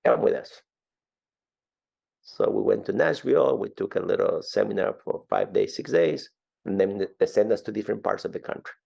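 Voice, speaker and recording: An Ecuadorian man in his fifties, with an Ecuadorian Spanish accent, tells his story as an interview guest in an animated way, often repeating words. His voice is fairly low, brisk, creaky, and slightly rough.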